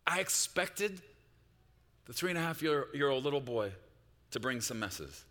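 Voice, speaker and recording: Animated man preaching in an echoing hall. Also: medium pitch, moderate pace. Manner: swings from hushed reflection to loud, rising exhortation. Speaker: pastor. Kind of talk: sermon.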